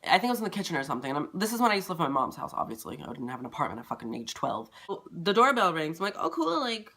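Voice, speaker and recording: A man vlogging a casual storytime, retelling it in an animated, profane, dramatic way. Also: fairly high pitch, racing.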